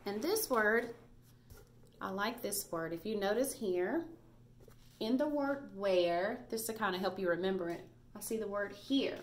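A woman's voice: medium pitch, expressive, measured pace. A woman teaching a recorded reading lesson to first graders, patient and praising as she spells out letters.

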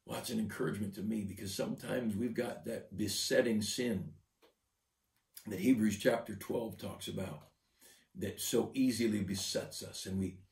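A low, gravelly male pastor delivering an earnest devotional sermon, doubling back on his words as he presses each point. He sits a little away from the mic, so his voice rings through an echoey room. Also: moderate pace, darkish tone, distant mic. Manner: earnest, repeats words while building a point.

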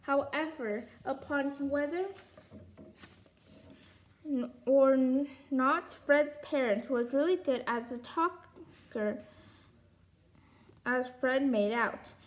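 A woman reading a novel aloud, carefully, with frequent stumbles and restarts over the words. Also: high voice. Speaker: storybook reader.

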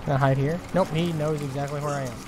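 A man's voice: fairly high pitch, fairly even intonation, fast talker, noisy background. A man playing a horror video game and commenting, growing exasperated and swearing over and over at how confusing it is. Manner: exasperated, swearing, rhetorical complaints. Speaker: gaming video host. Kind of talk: frustrated let's play commentary.

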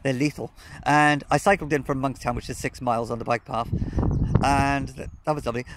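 A man's voice: mid-range voice, creaky, slight background noise. A man chatting on a casual outdoor vlog, telling rambling stories with lots of fillers, recorded on a phone camera out in remote countryside. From Wales. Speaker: cycling vlogger.

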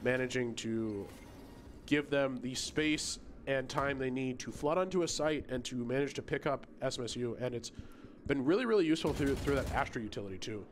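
A young man doing play-by-play for a college esports match, quick and bursting with excitement on big plays. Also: medium pitch, slight background noise. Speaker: esports co-caster.

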